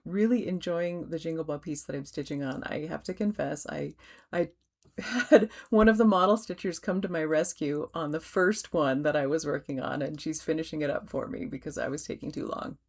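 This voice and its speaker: A middle-aged woman hosting a stitching vlog, chatting gently with soft fillers and restarts and yawning now and then. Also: low voice, normal speed. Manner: yawns while talking. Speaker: cross-stitch designer and vlog host. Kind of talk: casual show-and-tell vlog.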